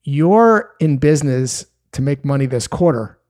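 A man coaching salespeople with scripted tips, calm, measured and instructive. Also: mid-range voice.

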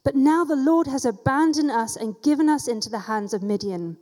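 A woman's voice: sits high, moderate pace, darkish tone, in a large hall, pitched above the performer's own voice, lightly acted. A woman reading as a timid, politely protesting young farmer. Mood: pleading. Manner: politely protesting, passive-aggressive. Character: timid young male farmer hiding from raiders.

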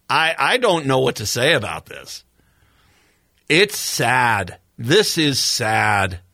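A man's voice: medium pitch, very animated, very slow, gravelly, long pauses, sharp tone, dry recording. A middle-aged male radio talk show host giving a sarcastic, exasperated political commentary monologue into a studio microphone.

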